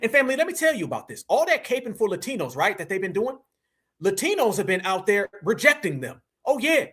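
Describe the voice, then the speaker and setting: A man's voice: sits high, big pitch swings, fast talker, a bit bright, slightly rough. A man hosting a reaction commentary, mocking and taunting in slangy street talk. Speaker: commentary host.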